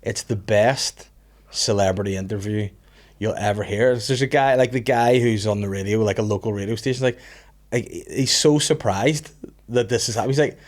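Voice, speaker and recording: A man's voice: fairly low pitch, moderate pace. Northern Irish man, young, podcast host, rambling, laughs a lot. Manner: rambling, laughs often, acts out quotes. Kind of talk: casual comedy chat.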